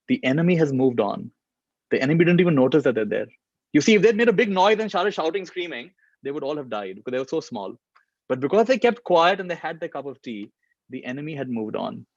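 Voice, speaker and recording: A man's voice: mid-range voice, no room sound. A man giving a spiritual reflection talk, telling stories and repeating key phrases for emphasis. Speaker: spiritual teacher. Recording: dull lo-fi, dry sound.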